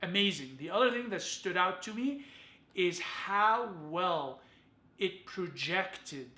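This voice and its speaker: Enthusiastic man with a bright voice. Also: sits high, expressive, slow pace. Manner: enthusiastic, addresses viewers directly. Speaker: fragrance reviewer. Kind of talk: casual review vlog. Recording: echoey room.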